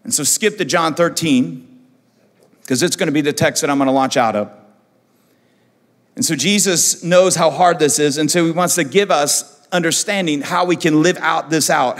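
A man's voice: a little high, a bit bright, long reverb tail. A male pastor preaching a passionate sermon, acting out the voices of people he quotes. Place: church auditorium.

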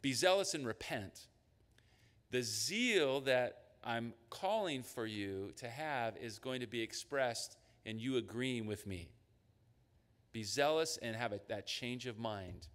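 A male pastor preaching with a lively, swinging pitch, acting out voices of God and his listeners. His voice sits in the middle range. The sound carries a long church reverb. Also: takes it slowly, clean tone. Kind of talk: sermon. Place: church sanctuary.

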